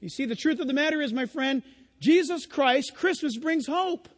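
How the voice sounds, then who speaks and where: The sound of a large hall surrounds this male pastor, whose voice is extremely high and whose pace is moderate. He preaches by telling stories conversationally and throwing rhetorical questions at the congregation.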